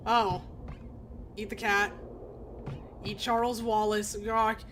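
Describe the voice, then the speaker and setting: A woman's voice: medium pitch, little pitch movement, slow, long pauses, fairly bright tone, slight background noise. A woman streaming a video game, reading its text aloud with casual, laughing asides.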